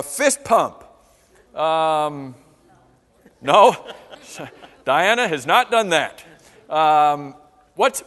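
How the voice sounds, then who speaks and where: A man with a high-pitched, slightly bright voice teaches a church Bible class, firing question after question at the class. The recording carries the long reverb of a church hall.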